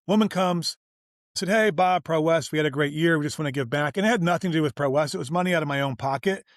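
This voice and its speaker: Animated storytelling man, dry close sound. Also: a little high, quick pace, dry recording. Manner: animated, acts out quoted dialogue, informal. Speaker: guest, business owner. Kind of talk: casual storytelling interview.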